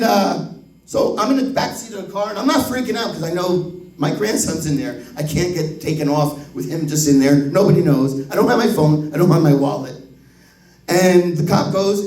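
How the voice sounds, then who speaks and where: A middle-aged male comedian tells a story on a club stage in an animated, profane way, laughing as he goes. His voice is notably high, and the sound comes from a distance with a roomy echo. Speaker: stand-up comedian. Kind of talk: stand-up storytelling. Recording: echoey club room from a distance.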